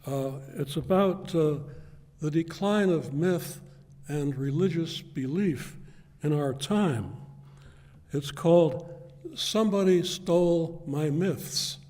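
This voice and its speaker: A man with a high voice reads and sings verses in a playful, halting way. He takes his time over every phrase. The sound rings with the long echo of a lecture hall. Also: dark tone. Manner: slow, halting, playful, breaks into song. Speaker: poet reading at an event. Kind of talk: poetry reading with sung verses.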